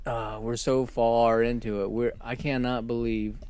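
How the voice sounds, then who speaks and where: A man co-hosting a casual podcast, cracking crude jokes and getting animated as he talks. His voice sits at a middle pitch, recorded up close with a dry, roomless sound. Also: measured pace, clear, resonant tone, dry recording. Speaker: podcast co-host. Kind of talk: casual chat.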